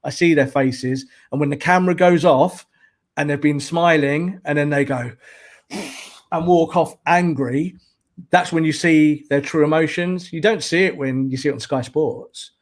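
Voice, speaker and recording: A man talks football as a podcast guest. His voice sits a little higher than most men's. He speaks emphatically and circles back to repeat his points. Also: a little slow. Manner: animated, emphatic, repeats himself when pressing a point. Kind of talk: casual podcast chat.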